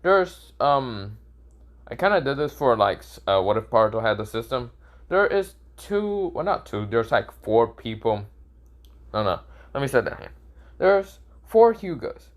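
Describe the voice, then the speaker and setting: A man's voice: mid-range voice, big pitch swings, a little slow. A young man improvising a fan story, rambling and correcting himself, swearing casually.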